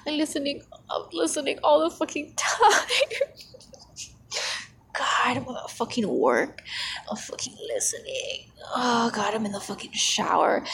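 A young adult woman in a whispered role-play, speaking in a breathy, excited, profane whisper close to the mic. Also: high voice, a little slow, a little hiss or hum.

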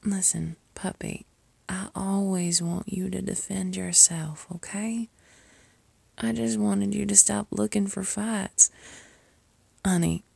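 A woman with a heavy gravelly fry and a lowish voice, talking slowly in an audio role-play. She is both scolding and soothing, and often sinks into a whisper. The sound is dry and close. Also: warm tone, no room sound. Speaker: caring mistress speaking to a listener.

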